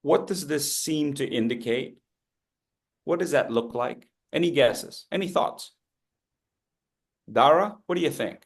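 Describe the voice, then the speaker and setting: A man's voice: fairly high pitch, measured pace, gravelly, pauses often. A man leading a speaking workshop, calling out upbeat instructions and joking with the group. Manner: upbeat, animated, jokes with the group; calls out instructions and audience names. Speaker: speaking coach. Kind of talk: interactive coaching workshop.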